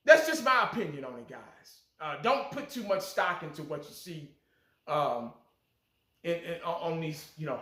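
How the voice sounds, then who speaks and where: A high-pitched, bright-toned man hosts casual fan commentary. He talks bluntly and profanely, getting fired up. The sound carries an echoey room around him. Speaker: fan channel host.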